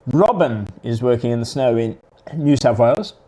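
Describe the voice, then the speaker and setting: A man's voice: medium pitch, expressive, mellow, slightly rough. Rambling man streaming. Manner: rambling, halting, with many restarts. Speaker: live stream host. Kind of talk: casual chat answering viewers.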